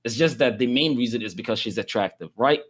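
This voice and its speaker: A man's voice: mid-range voice, fast talker, slightly rough. A man moderating an online debate, hurriedly placating the contestants and steering them to common ground.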